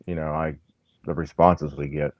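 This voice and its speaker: Low-voiced man, casual podcast guest. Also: level tone, moderate pace, muffled recording. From American South. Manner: hesitant, lots of restarts and "you know". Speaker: podcast guest, firefighter and paranormal investigator.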